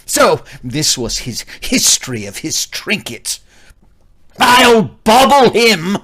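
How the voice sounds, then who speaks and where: A woman playing a hot-tempered old gentleman and father, blustering and exclaiming. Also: very deep voice, sing-song, slow, husky, full character voice. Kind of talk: stage comedy acting.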